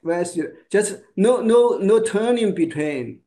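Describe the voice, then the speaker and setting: A male Chinese pronunciation teacher whose first language is Chinese, speaking English in short broken phrases and modeling sounds slowly. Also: sits high, lively intonation, a crowd in the background. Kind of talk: one-on-one lesson.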